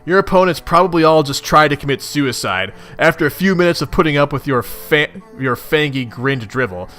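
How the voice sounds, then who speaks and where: A man voicing a loud, irritable young male troll who rants angrily and swears. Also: on the high side, expressive, fairly quick, soft background music. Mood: ranting. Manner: angry, foul-mouthed ranting.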